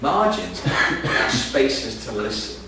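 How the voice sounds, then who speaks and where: A man's voice: mid-range voice, very animated, takes it slowly, a crowd in the background. A man giving a sermon, telling a humorous, self-deprecating story to an audience in a large hall. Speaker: preacher. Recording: echoey hall, distant mic, background noise.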